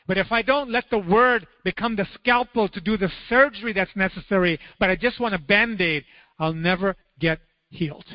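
A male pastor delivers a sermon, animatedly telling stories and acting out character voices with sudden high-pitched cries. The lo-fi recording has no echo but a long reverb tail.

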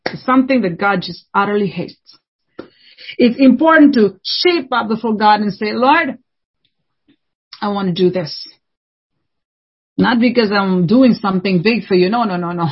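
A woman's voice: medium pitch, husky, lo-fi sound. A woman preaching a fervent, scolding sermon, repeating lines for emphasis.

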